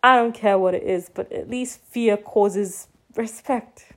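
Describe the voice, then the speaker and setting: Young woman, vlogger, confessional chat, rambling, filler-heavy, mid-range pitch. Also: slow. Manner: rambling, full of "like" and "you know". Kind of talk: casual confessional monologue.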